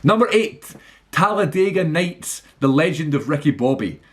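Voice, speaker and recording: A man's voice: fairly high pitch, animated, normal speed. Chatty, rambling man vlogging about films. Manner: chatty, rambling, many fillers and restarts; enthusiastic. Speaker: film vlogger. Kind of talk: casual movie list monologue.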